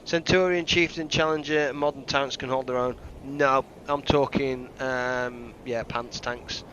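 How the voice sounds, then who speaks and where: Man, game streamer, chatty and excitable, slightly muffled mic, light hiss. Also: medium pitch, measured pace. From United Kingdom. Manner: chatty, excitable, thanks viewers by name. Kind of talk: casual live gameplay commentary.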